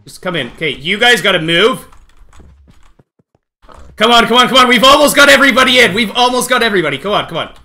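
A man streaming a game live, talking excitedly to his chat and coaxing the animals along, often shouting and laughing. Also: extremely high pitch, fast talker, pauses often. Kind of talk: excited live gameplay commentary.

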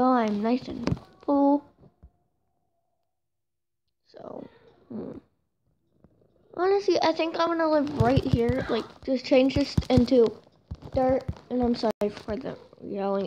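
A woman's voice: on the high side, background noise. A woman giving casual, chatty game commentary from home, often mocking herself and apologizing, on a dull home mic. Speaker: gameplay commentator. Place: home room with noisy brothers and a cat.

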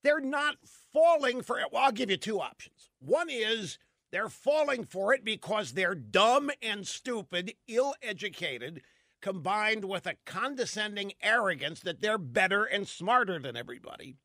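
A man delivers an opinionated talk-show monologue in a high, lively voice that swoops up and down. His tone is bright and forceful, with pointed rhetorical questions. The sound is dry and close, with no room around it. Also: moderate pace, dry recording. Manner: animated, combative, rhetorical questions. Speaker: radio talk host.

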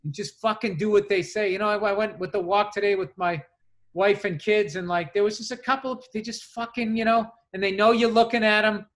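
A middle-aged man with a high, bright voice, talking in loose podcast chat. He rants with frequent swearing and an exasperated edge. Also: fairly even intonation, a little fast. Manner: profane, ranting, exasperated. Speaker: podcast co-host. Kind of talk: casual chat.

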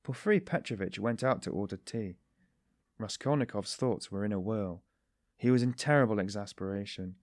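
A man's voice: normal speed, no echo, studio quality. A man narrating a classic novel audiobook, reading the narration plainly and raising his voice for the characters' lines. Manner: lifts pitch and volume for dialogue, drops low for narration. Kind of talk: scripted narration, single reader voicing all characters.

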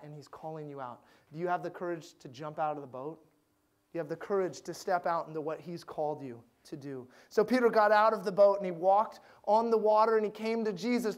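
A male pastor giving a sermon, swinging between loud emphatic lines and hushed, gentle ones. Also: high-pitched.

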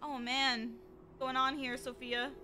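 A woman with a high, bright voice talks through a video game live, excitable and quick to exclaim, swearing freely along the way. She speaks close into a desk microphone while the game's music plays clearly underneath. Her talk is loose and chatty, as if she is reacting to her viewers in real time. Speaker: streamer. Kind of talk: live gameplay commentary.

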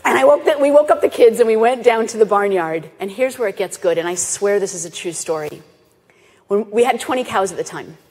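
A woman at mid pitch tells a story to a festival audience, lively and expressive, slipping into voices for the people in it. Her voice carries a long reverb from the hall around her. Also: fairly quick, breathy edge. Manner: animated, acts out quoted voices. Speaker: animal sanctuary founder giving a talk. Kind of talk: storytelling presentation.

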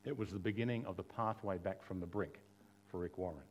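A man's voice: deep voice, brisk, a little mellow, slight background noise. A male pastor preaching a sermon in a conversational way, with rhetorical questions, touches of humor and quoted dialogue that he acts out.

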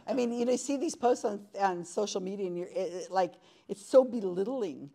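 A woman's voice: medium pitch, normal speed, few pauses, a little mellow. A woman leading an interactive workshop, talking conversationally and asking the audience questions in a room full of people. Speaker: workshop presenter.

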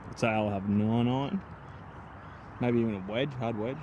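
An Australian man filming and commentating his golf round outdoors, excitable and chatty. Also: medium pitch, moderate pace, muffled recording, noisy background. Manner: lively, excitable.

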